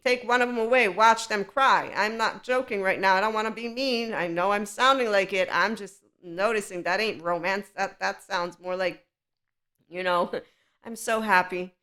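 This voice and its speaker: A woman's voice: mid-range voice, bright, forceful tone. A woman hosting a spiritual self-help podcast in a solo monologue. She speaks candidly and with strong opinions, and laughs often as she goes. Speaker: podcast host.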